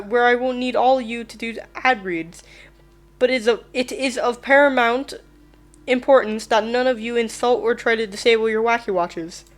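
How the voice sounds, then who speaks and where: Cheery manic principal, read by a woman, showman delivery, slightly high voice. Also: lightly acted. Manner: theatrical, showman-like announcing. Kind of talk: reading game dialogue aloud.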